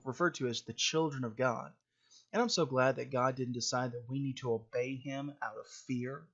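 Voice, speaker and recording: A man's voice: mid-range voice, fairly bright tone, dull audio. A man preaching a sermon in a plain conversational way, with frequent fillers and restarts.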